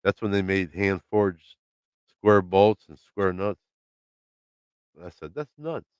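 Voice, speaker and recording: Deep-voiced guy rambling a story on his home livestream, swears a lot, does everyone's lines, dry dull audio. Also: little pitch movement, takes it slowly, clear, resonant tone, dry recording. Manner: loose storytelling, swearing, acts out quotes. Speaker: livestream host. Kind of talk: casual live-stream chat. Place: home, by his laundry room.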